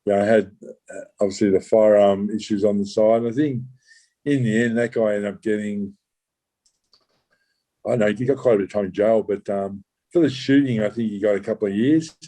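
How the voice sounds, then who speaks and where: A lowish, mellow-toned man tells his own story as a former undercover officer. He talks in halting bursts, restarting sentences and swearing casually as he goes. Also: steady tone, low-quality recording. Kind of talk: recounting a true story in an interview.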